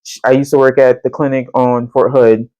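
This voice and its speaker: A woman, hosting a podcast and telling a story in casual chat, animated and chatty, often jumping into a high voice to quote people. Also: moderate pace, dry recording, highs cut off. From Central Texas. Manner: colloquial and chatty, addresses listeners as y'all. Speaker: podcast host.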